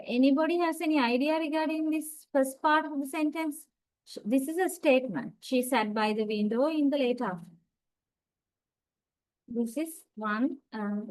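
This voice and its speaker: A woman lecturer giving an online class, explaining slowly with many fillers. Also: high-pitched, darkish tone, rough recording. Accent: South Asian English.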